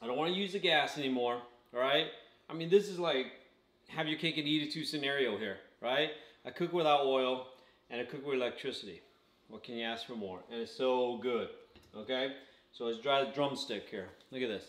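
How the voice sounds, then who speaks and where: A man's voice: mid-range voice, brisk, fairly bright tone. Chatty man with a roomy echo. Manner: chatty, tags lines with "okay?", talks while eating. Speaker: channel host. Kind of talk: casual food review vlog.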